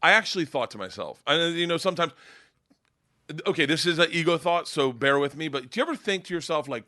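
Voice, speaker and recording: A male comedian guest telling a profane, animated story on a podcast, laughing as he goes. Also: on the high side, fast talker, no room sound, clean studio sound.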